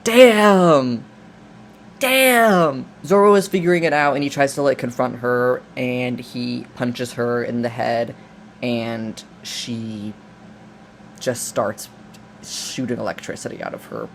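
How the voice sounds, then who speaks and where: A man talking casually through a film plot, rambling and joking with many restarts and asides. His voice sits at a middling pitch. A faint air-conditioner hum runs underneath. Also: steady tone, unhurried, vocal fry. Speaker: video essayist. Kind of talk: casual film recap and commentary.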